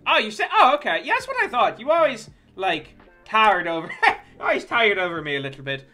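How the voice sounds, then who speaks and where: A game streamer talking casually over gameplay. The voice is bright and sharp, and it swings widely in pitch. The delivery is jokey and profane, full of teasing asides to viewers. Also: very animated, fairly quick, faint music behind. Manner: joking, profane, chatty with viewers.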